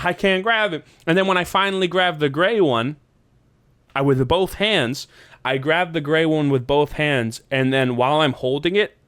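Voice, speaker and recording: A man hosting a podcast, telling a long story in casual, profane chat and jumping into high voices when he quotes people. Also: a bit bright, clean tone, no room sound. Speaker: podcast host.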